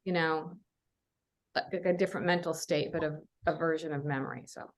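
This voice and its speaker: A woman's voice: deep voice, steady tone, a little fast. A woman taking part in a study group discussion, speaking hesitantly and searching for her words.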